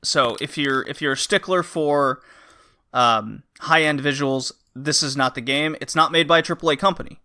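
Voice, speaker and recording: A man's voice: on the high side, moderate pace, bright, forceful tone. A man hosting a podcast who chats casually about a game, rambling and acting out the characters' lines. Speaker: podcast host. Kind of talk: casual game review chat.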